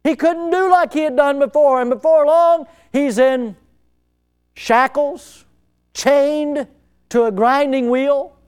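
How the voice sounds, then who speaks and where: A man's voice: extremely high pitch, slow. A middle-aged male pastor preaching a sermon, telling stories and firing rhetorical questions, often repeating words for emphasis.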